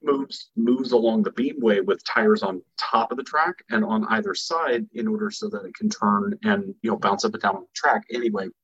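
Man, low husky voice, dull lo-fi sound; chatty storyteller. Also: normal speed, hardly any pauses. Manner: animated anecdotes with acted-out quotes. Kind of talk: casual storytelling chat.

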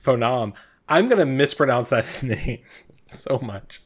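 A man narrating as game master of a tabletop game, casual and self-deprecating, often pausing with fillers. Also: medium pitch, very animated, husky.

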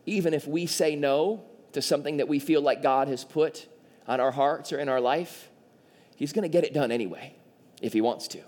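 A male pastor delivering a sermon with a fairly high voice. He talks in an animated way and slips into playful voices for the figures in his story. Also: moderate pace. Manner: animated, acts out quoted voices.

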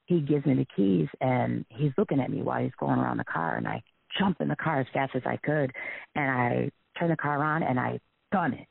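A man telling a frightening personal story in a halting, shaken way, with many restarts. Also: medium pitch, big pitch swings, gravelly, slightly rough, no room sound. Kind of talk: emotional personal testimony. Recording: tinny phone-line recording.

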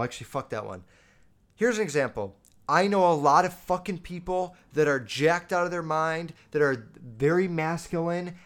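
A young man talking casually and bluntly into the camera, swearing a lot and getting animated as he reads out and answers viewer comments. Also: fairly high pitch. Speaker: vlogger reading viewer comments. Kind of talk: casual unscripted monologue.

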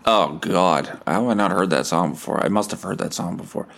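Male host; low, profane, rambling, stammering. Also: brisk, vocal fry, a bit bright, faint music behind. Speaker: podcast host. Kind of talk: solo podcast rant.

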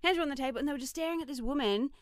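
Animated woman telling a story. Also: sits high, rapid-fire, no room sound, clean studio sound. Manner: lively storyteller who acts out what others said. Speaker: podcast co-host. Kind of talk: casual chat, animated storytelling.

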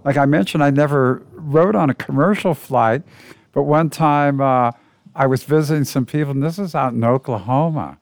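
A man with a smooth, resonant voice, recorded close and dry with no room sound. He tells a story in a loose, rambling way and fills his pauses with "uh.". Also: mid-range voice, no echo. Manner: rambling with many fillers. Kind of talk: casual storytelling chat.

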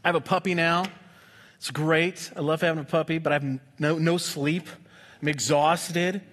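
A man preaching a sermon in a conversational, humorous way, with quick asides to the congregation. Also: on the high side, steady tone, fairly bright tone. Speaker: pastor.

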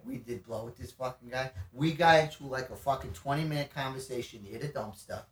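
A podcast guest in his twenties, with a mid-range voice and a brisk delivery, tells a wild story in casual chat. He's animated, swears freely, and laughs as he goes, and the distant mic gives the sound a roomy quality.

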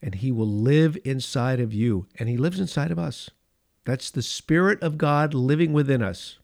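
Male pastor, middle-aged, impassioned sermon delivery with dramatic pauses. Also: mid-range voice, creaky. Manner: impassioned preaching with dramatic pauses and swings in loudness.

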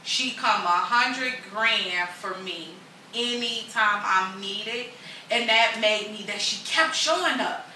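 A woman chatting casually, telling an animated story full of acted-out quotes and slang. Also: medium pitch, slow pace, a little hiss or hum. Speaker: guest telling a friendship story. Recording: echoey room, far from the mic.

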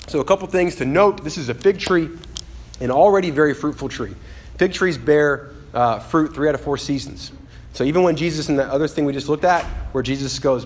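A man preaching a sermon in an animated, conversational way, often acting out quotes and restarting his phrases. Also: fairly high pitch, brisk.

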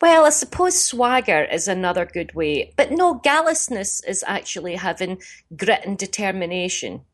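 A Glaswegian Scottish woman in her forties, a comedian telling stories in an emphatic, animated way over a phone line. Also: mid-range voice, moderate pace. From Glasgow, Scotland. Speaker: comedian guest. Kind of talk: phone interview.

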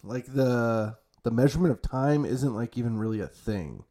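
A man's voice: medium pitch, normal speed, dark tone. A young adult man hosting a podcast in casual chat, rambling and swearing freely, with many fillers and restarts. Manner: rambling and heavily profane, with frequent fillers and self-corrections. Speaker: podcast host.

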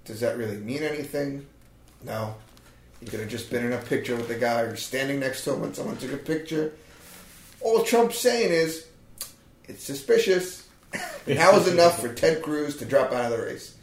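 A man's voice: mid-range voice, brisk. A man joking in sarcastic, mock-conspiratorial banter, often swearing as he co-hosts a comedy podcast. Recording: roomy echo.

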